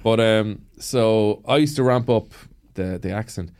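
A man's voice: on the low side, measured pace, darkish tone, smooth. Man, Cavan Irish accent, podcast guest, casual anecdotes, acts out voices, swears. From Ireland. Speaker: guest comedian.

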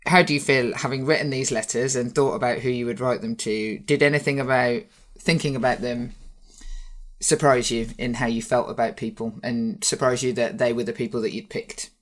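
A woman's voice: extremely low pitch, steady tone, moderate pace. A woman with a Birmingham accent hosting a podcast interview, chatty and often laughing as she talks. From Birmingham, England. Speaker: podcast host. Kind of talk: casual interview chat.

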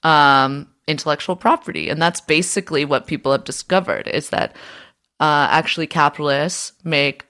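A woman's voice: low voice, moderate pace, fairly bright tone. A woman co-hosting a podcast, explaining ideas at length in a casual, swearing way full of fillers and restarts. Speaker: podcast co-host. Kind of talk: casual political discussion.

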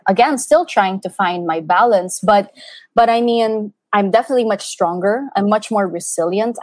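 A woman, a mother, speaks as an interview guest, telling stories in an earnest, animated way with many fillers. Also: fairly high pitch, no room sound. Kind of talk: casual conversational interview.

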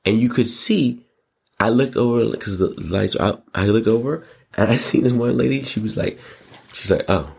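A man hosting his own show, giving a casual, animated movie review full of slang and repeated words. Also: medium pitch, moderate pace, creaky, breathy edge. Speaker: show host.

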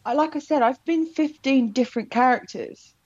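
Woman guest, chatty and animated, dry slightly muffled sound. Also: high voice, normal speed, breathy edge, no echo. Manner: chatty, animated storytelling with laughs. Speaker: actor guest. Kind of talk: casual interview chat.

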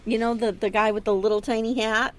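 A woman co-hosting a podcast in casual chat, animated and profane, laughing often. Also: a little high, fairly quick. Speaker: podcast co-host.

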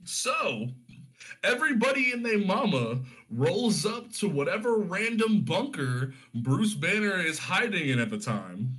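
Animated, bright-voiced male storyteller. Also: high voice, a little slow. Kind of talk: casual chat.

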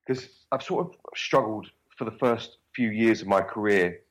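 Young cockney bloke, real low voice, rambling and swearing a lot, casual interview chat. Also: male voice, moderate pace, low-quality recording. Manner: swears freely, rambling and animated. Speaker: actor guest.

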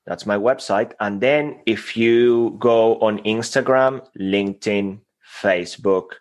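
A man with a lowish voice speaks slowly and earnestly as a motivational guest on a podcast interview. Spanish is his first language, and his manner is motivational and self-deprecating.

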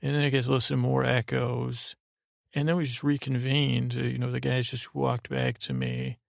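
A man's voice: mid-range voice, animated, moderate pace, dry recording, studio quality. A man hosting a podcast, telling a meandering bedtime story full of hesitations and restarts. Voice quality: gravelly. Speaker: podcast host. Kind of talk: rambling sleep-story narration.

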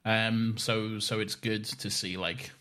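A man co-hosting a podcast in relaxed, easygoing chat, peppered with "like" and "you know.". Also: fairly low pitch, takes it slowly. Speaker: podcast co-host. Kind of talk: casual chat.

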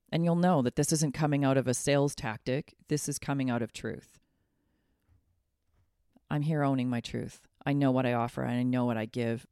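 Woman life coach, motivational pitch, earnest and pushy with questions, gravelly fry, dry close sound. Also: a little mellow, dry recording. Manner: earnest, emphatic, asks the listener many questions. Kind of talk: motivational direct-to-camera pitch.

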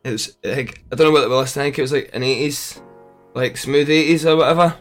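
A man's voice: medium pitch, fast, faint music behind. A man with a Scottish accent in casual chat, rambling through anecdotes, trailing off and chuckling.

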